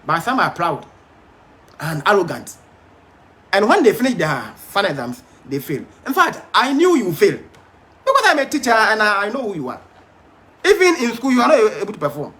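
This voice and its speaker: Lively high-voiced man teaching Bible study. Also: moderate pace, long pauses. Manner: emphatic, hesitant with frequent fillers and restarts.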